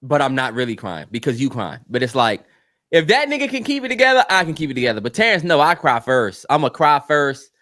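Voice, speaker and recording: A man co-hosting a podcast in casual chat, animated and heartfelt, swearing freely and getting teary. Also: mid-range voice, brisk. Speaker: podcast co-host.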